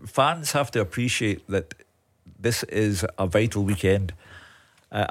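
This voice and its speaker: A man giving blunt, assertive football punditry in a radio studio. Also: lowish voice.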